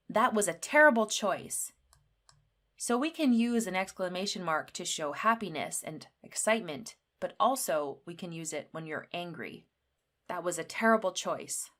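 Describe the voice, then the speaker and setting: Slow, careful woman teaching grammar. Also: fairly bright tone. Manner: slow, clearly spelled-out teaching; acts out example sentences with lifted pitch. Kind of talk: grammar lesson.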